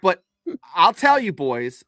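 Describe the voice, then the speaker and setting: A man's voice: high voice, very animated, slow, bright, forceful tone, no room sound. A man from the US, a podcast host explaining things with dry jokes in casual chat. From United States.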